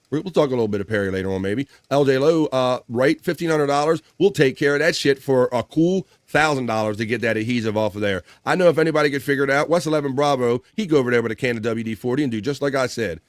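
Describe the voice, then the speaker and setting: A man's voice: medium pitch, fast talker, few pauses. A man hosting a live show, talking loosely and casually, swearing now and then and reading out viewer comments. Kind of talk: casual live-stream chat.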